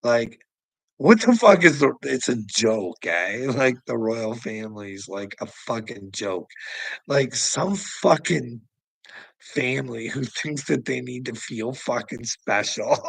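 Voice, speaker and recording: In a dry, rough recording, a Canadian man streaming live rants casually and crudely at his chat, cursing often and laughing between comments. His mid-range voice is gravelly and expressive, and he speaks slowly with a Canadian accent.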